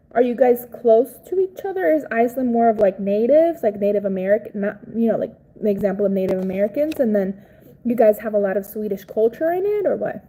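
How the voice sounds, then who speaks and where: A woman's voice: mid-range voice, warm tone, slight background noise, poor audio. A Cuban woman hosting a casual livestream, chatting with viewers in a blunt, profane, outspoken way. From Cuba. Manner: chatty, reads and answers viewer comments. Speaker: livestream host.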